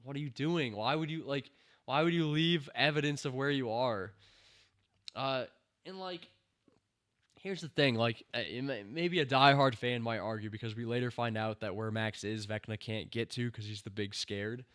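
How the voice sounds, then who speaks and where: Guy doing a loose rant, sharp bright voice, lots of uh and like, sarcastic. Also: mid-range voice, moderate pace. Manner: rambling, sarcastic, full of fillers and incredulous outbursts. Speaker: show reviewer. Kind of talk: casual spoken commentary.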